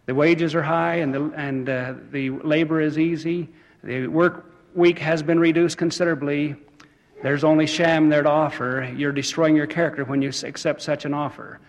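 A man giving an earnest sermon to church brethren, urging them on with some fillers and restarts, with a long hall reverb. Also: a little high. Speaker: church speaker.

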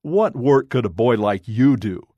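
A man voicing a gruff, blunt bearded wagon driver with a growling delivery in a storybook reading. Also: mid-range voice, very animated, moderate pace, a little mellow, dry recording, lo-fi sound. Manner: gruff, short-spoken.

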